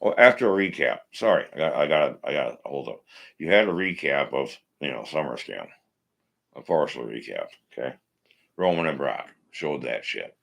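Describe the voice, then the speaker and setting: A man's voice: extremely low pitch, animated, normal speed, gravelly, fairly bright tone. A blunt, profane man from Minnesota hosting a casual live stream about wrestling, ranting his opinions. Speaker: wrestling podcast host.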